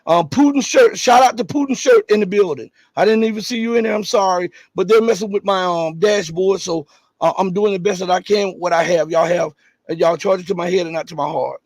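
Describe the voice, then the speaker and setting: A man hosting a live stream, reading articles and viewer chat, pressing his points hard and then dropping low and casual. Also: a little fast, darkish tone, no echo. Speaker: livestream host.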